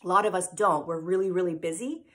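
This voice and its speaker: In a replay of a live event, a woman delivers an earnest, emphatic spiritual teaching in an informal style, often adding "right?" to check in with her audience. Her voice is fairly low and steady, and she speaks fast.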